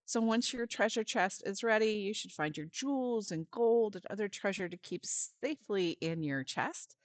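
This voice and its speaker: A woman's voice: medium pitch, dry recording. A woman volunteer giving a friendly step-by-step craft lesson for parents and children, with some fillers.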